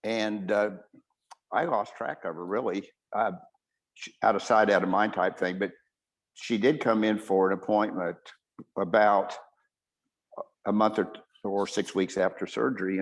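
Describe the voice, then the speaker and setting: A male surgeon tells a patient's story on a webinar, his low voice carrying a steady gravelly fry. He talks haltingly, often restarting and correcting himself mid-sentence.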